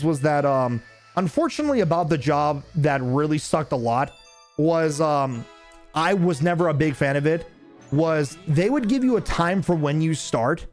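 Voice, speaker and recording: Male streamer, casual storyteller, profane and animated, slightly raised pitch, light music underneath. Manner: profane, laughing, animated venting. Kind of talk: casual gameplay commentary with storytelling.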